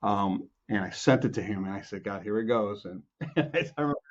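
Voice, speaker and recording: A man from Chicago, a composer and guest, telling anecdotes with lively acted-out quotes, many restarts and laughs. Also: on the low side, brisk, muffled recording. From Chicago, USA. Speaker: music producer and film composer, guest. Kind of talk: animated anecdotal storytelling.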